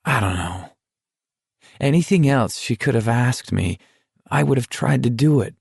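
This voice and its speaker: A man voicing an earnest teenage boy in a deadly walking contest, speaking in a confiding, rambling, quietly hurt way. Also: mid-range voice, lively intonation, a little slow, gravelly, slightly rough, no echo, studio quality, heavily acted.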